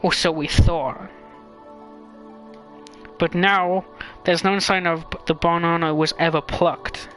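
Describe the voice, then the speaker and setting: A man streaming a story game and reading its lines aloud in a fairly high voice. He trips over words and restarts, throwing in quick jokes between the dialogue. Quiet game music plays in the background. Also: fairly even intonation. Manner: stumbling over words, joking asides.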